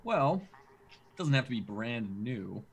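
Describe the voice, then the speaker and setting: A man's voice: medium pitch, big pitch swings, slow pace, husky. A man playing his character in a tabletop game, speaking politely and hesitantly with many fillers. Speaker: player. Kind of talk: in-character tabletop role-play.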